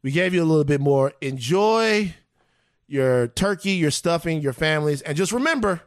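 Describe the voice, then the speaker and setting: A man co-hosting a podcast in casual chat, animated and laughing as he riffs with rhetorical questions. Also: on the high side, moderate pace, no room sound, clean studio sound. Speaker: podcast co-host.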